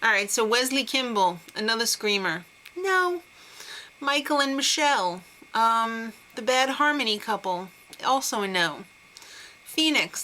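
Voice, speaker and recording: A woman's voice: on the high side, pushed and bright, a little hiss or hum, poor audio. A young woman recapping a TV talent show in a casual, chatty and sarcastic way. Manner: chatty, sarcastic, giggly asides.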